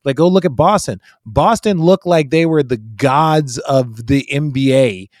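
A man hosting a casual sports chat, talking in an animated, emphatic way and swearing freely. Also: mid-range voice, measured pace, no room sound, clean studio sound.

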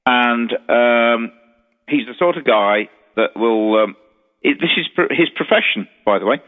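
A man's voice: mid-range voice, expressive, a little slow. An English man, a paranormal investigator, chatting as a radio guest in a rambling, storytelling way with many restarts. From England. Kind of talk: casual radio chat. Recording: tinny phone line with long reverb.

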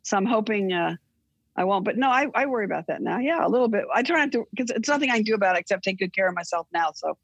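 Older lady guest, gravelly and husky, rambles thru her stories, dry dull sound. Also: medium pitch, fast, dry recording. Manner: rambling, with restarts and animated retellings. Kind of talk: casual interview storytelling.

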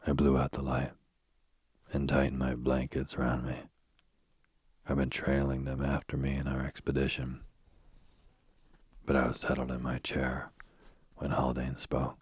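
A man reading a spooky bedtime story in a soft, slow, husky whisper, close to the mic. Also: very deep voice, completely flat delivery, no echo.

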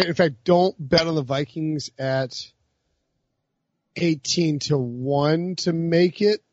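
A man hosting a casual sports betting chat, talking quickly with frequent restarts and laughs. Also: fairly high pitch, dry recording, highs cut off. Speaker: podcast host.

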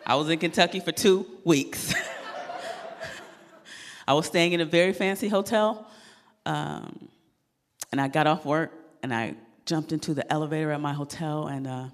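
A woman comedian performing a stand-up set, animated and laughing at her own jokes, on a club stage mic. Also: low-pitched, long reverb tail.

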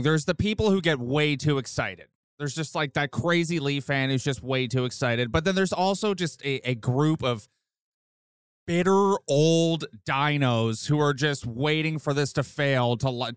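A man's voice: medium pitch, clean tone, no echo, clean studio sound. A man co-hosting a casual sports podcast. He argues emphatically and repeats phrases for stress. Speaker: podcast co-host.

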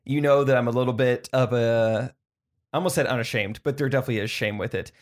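A man co-hosting a comedy podcast, playful and jokey, quick to laugh. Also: medium pitch. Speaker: podcast co-host. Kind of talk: casual comedy chat.

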